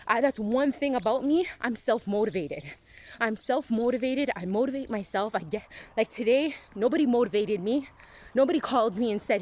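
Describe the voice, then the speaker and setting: A woman's voice: a little high, fairly quick, a little hiss or hum. A woman giving a candid motivational monologue to camera, frank and emphatic, swearing freely and often asking "right?". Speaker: motivational vlogger.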